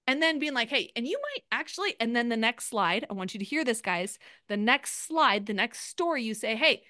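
A woman's voice: on the high side, no echo, studio quality. Upbeat woman coaching on a video call. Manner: energetic, chatty, fast restarts. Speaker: sales coach. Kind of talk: live video training call.

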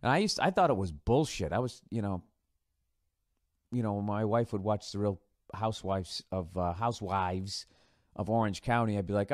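A man's voice: lowish voice, normal speed, no echo, clean studio sound. Profane, sarcastic man rambling on his podcast. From United States. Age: middle-aged. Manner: profane, sarcastic, loose asides. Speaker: podcast host. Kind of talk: casual rambling monologue.

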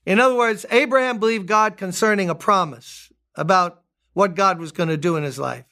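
An older man preaching a sermon as pastor, emphatic, repeating key words and rising high on his appeals. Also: moderate pace, bright, forceful tone.

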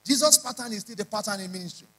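A man's voice: sits high, lively intonation, rapid-fire, pushed and bright, rough recording. A man preaching a sermon, emphatic and repeating lines in rising prayer chants. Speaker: pastor.

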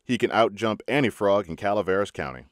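A man's voice: on the low side, fast, no room sound, clean studio sound, lightly acted. Man doing Smiley, a drawling frontier gambler. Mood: easy-going. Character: boastful frontier gambler, man, easygoing and proud.

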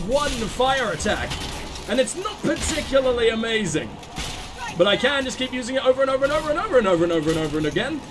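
Flustered high-voiced male gamer. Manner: flustered, swears casually. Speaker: gaming channel host. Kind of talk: gameplay commentary.

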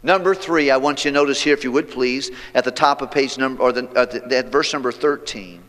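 A man preaching a sermon as pastor, reading scripture aloud and leading the congregation, moving between loud preaching and hushed passages. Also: mid-range voice, a little fast. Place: church sanctuary. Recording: long hall reverb, church sanctuary.

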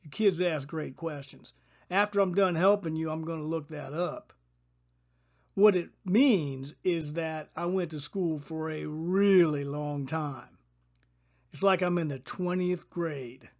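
A storyteller voicing a tall, friendly male librarian with a deep voice who explains things patiently. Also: slow pace, darkish tone, lo-fi sound.

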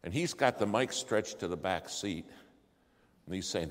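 Animated male preacher in a big hall. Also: fairly low pitch, moderate pace. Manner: animated storyteller, acts out dialogue, swings from hushed to shouting. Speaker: preacher telling a testimony. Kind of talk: sermon storytelling. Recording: long hall reverb, faint ambience.

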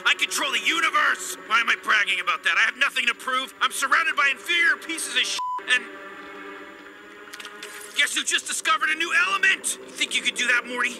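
A man's voice: extremely high pitch, fairly quick, over music, poor audio. A man voicing a cranky, arrogant old genius scientist grandpa who rants insults and stammers on repeated words. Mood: ranting.

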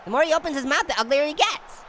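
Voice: high-pitched, animated, fast, noisy background. A performer voicing a cheeky, hyper male cartoon orange who narrates a comedic VR boxing playthrough, taunting and cackling constantly. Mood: taunting glee. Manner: taunting, giggly, constant cackling laughs and wisecracks. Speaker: gameplay commentator.

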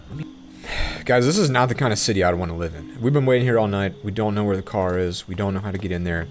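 A young man talks through a game in a casual, rambling way, swinging from excitable and exasperated to hushed mutters. His voice sits a little low for a man. Game music plays clearly underneath him. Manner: drops to hushed, whispery mutters while sneaking. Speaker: gaming YouTuber. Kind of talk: casual let's-play commentary.

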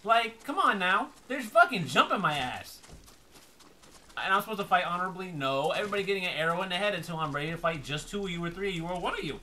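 A man doing let's play commentary, loud and profane, yelling at the game as he plays. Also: high voice, lively intonation, fast, slight background noise. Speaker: gaming streamer.

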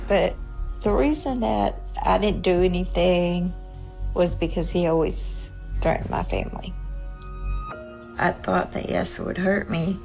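Woman, very gravelly voice, halting, grief-stricken, faint music underneath. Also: lowish voice, darkish tone, low-quality recording. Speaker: bereaved mother. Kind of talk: documentary interview.

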